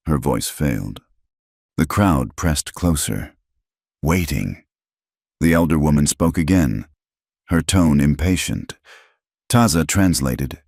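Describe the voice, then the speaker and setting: A man reading a frontier story as scripted narration in a slow, measured way. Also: very deep voice, lively intonation, vocal fry, darkish tone, breathy edge, no echo, clean studio sound.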